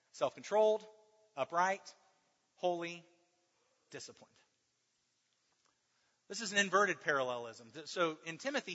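A man with a high, forceful voice preaches in a church, stressing points and putting questions to his listeners. His voice rings out with a long hall reverb, and the sound is slightly dull. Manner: animated, emphatic teaching with rhetorical questions. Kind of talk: sermon.

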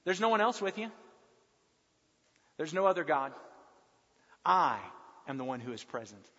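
God speaks, low and unhurried, as a preacher puts on the voice in his sermon. The recording is dull, and the voice rings out in a long hall reverb. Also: big pitch swings, sharp tone, heavily acted. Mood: solemn. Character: God speaking, solemn, calm and commanding.

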